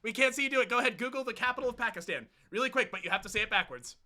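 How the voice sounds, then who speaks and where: A man's voice: extremely high pitch, very fast, bright, forceful tone. A man hosting a comedic quiz, teasing the guest, giving time limits and laughing often. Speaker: show host, quizmaster.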